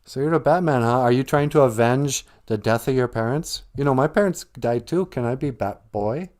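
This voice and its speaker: A man's voice: medium pitch, normal speed, a little mellow, voice pushed up, lightly acted. A man voicing an eager, naive boy who asks curious questions, in a comic spoken retelling. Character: eager young orphaned boy sidekick.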